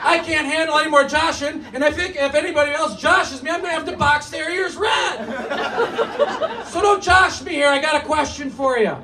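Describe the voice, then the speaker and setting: A man in his thirties performing a stand-up comedy set in a small cafe, telling stories in a mock-serious, animated way, with laughter behind him. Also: extremely high pitch, moderate pace, a crowd in the background. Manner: animated, mock-serious storytelling with put-on voices. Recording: distant mic with noisy room. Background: audience laughter.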